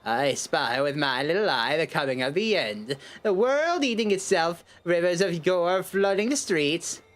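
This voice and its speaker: A man's voice: fairly high pitch, expressive, measured pace, fairly bright tone. A man voicing an eerie, doomsaying old grandmother in a game, sweet yet ominous. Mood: creepy.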